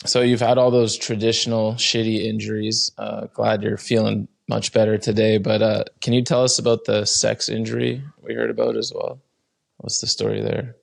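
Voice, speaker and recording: A man's voice: lowish voice, level tone, moderate pace, creaky. A male podcast host asking laid-back questions and reacting briefly. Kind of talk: casual podcast interview.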